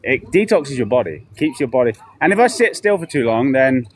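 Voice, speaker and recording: Man, streaming while he walks city streets. Lively, rambling storyteller, faint traffic under him. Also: mid-range voice, a little fast. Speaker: vlogger. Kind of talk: casual walking live stream. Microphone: handheld camera while walking.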